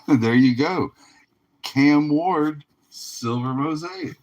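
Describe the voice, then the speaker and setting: A man's voice: a little high, extremely slow, a little mellow, lo-fi sound. A tired man hosting a live card break stream, talking in a laid-back, drawling way and laughing often. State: tired, yawning. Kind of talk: casual livestream commentary.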